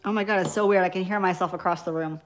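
A nail beauty YouTuber in her thirties with a New York accent, from Long Island, streams live while swatching polish, a little wine-tipsy and easily distracted. She talks very fast in a lowish, steady voice, chatty, scattered and giggly.

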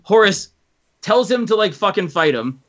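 Male co-host, rambling storyteller, slightly high voice, dull podcast sound. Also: lively intonation, moderate pace, a bit bright. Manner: rambling, long-winded storytelling. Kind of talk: casual chat. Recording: lo-fi podcast audio.

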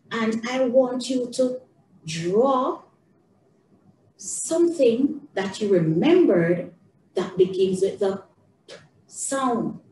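Slow singsong woman teacher, echoey room. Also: fairly high pitch, dark tone, recorded from a distance, slight background noise. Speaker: early childhood teacher. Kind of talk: teaching young children. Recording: echoey room, voice off-mic, faint ambience.

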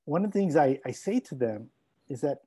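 Middle-aged man, native Spanish speaker, mellow husky tone, reflective heartfelt storyteller. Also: on the high side, animated, a little fast, low-quality recording. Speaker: scholar and speaker. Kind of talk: personal storytelling talk.

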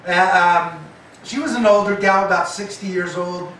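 A man with a high voice preaches a sermon at normal speed, telling stories and animatedly acting out the voices of the people in them. He was recorded from a distance in an echoey hall, with a little hiss or hum.

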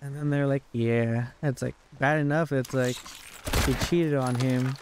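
A man's voice: medium pitch, fairly even intonation, noisy background. Young man ranting, full of "like". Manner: rambling, frustrated, swears a lot, fills every pause with "like". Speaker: gaming YouTuber. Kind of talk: casual rant while playing.

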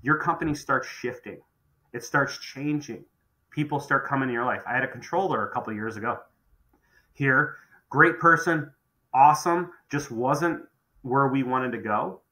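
A man's voice: medium pitch, lively intonation, moderate pace, bright, forceful tone, poor audio. A middle-aged man who runs a contracting business, talking emphatically on a podcast and often repeating phrases as he restarts. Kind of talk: podcast conversation.

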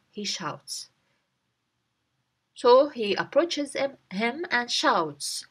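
A woman's voice: fairly high pitch, lively intonation, takes it slowly, breathy edge. A woman teaching a language by reading a short story aloud and explaining each word and phrase. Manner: reads a line, then translates and breaks down each word.

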